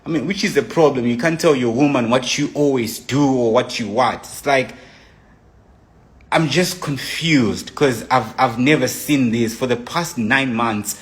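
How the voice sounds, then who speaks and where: A young man with a mid-range voice tells an emotional personal story, animated throughout. As he retells his own messages, he acts them out.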